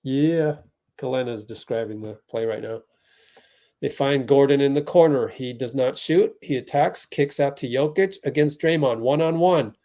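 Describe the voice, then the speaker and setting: This is a young guy from the Bay Area running a watch party for fans, narrating the game live in a chatty way. His voice is mid-range at a normal speed, and it surges with excitement on the big plays.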